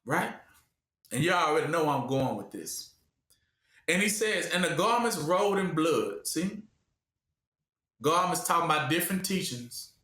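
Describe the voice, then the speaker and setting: A man's voice: a little high, animated, moderate pace, long pauses, bright, forceful tone. A man preaching a call-and-response sermon, asking the room to finish his sentences and acting out voices. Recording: echoey room.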